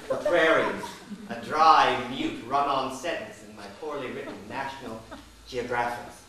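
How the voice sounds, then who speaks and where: A man's voice: medium pitch, a little slow, pushed and bright, slight background noise. A middle-aged man performing a wry, theatrical monologue on stage. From Canada. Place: performance space. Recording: very echoey hall, distant mic.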